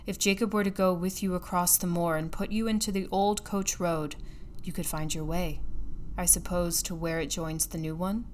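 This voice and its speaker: A woman reading an audiobook, voicing a bitter old male recluse scientist who speaks quietly and gravely. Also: on the low side, fairly even intonation, moderate pace, slight background noise, natural voice. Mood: calm.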